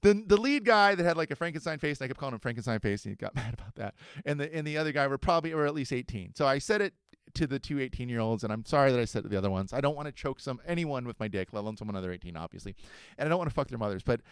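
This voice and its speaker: A man's voice: mid-range voice, racing, clean tone, no room sound. A man in his forties tells a story on a podcast, cursing often and poking fun at himself. His voice rises and falls a great deal as he gets worked up. The sound is close and dry, with no room around it. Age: 40s. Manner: profane, animated and self-mocking. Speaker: podcast host. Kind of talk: casual storytelling.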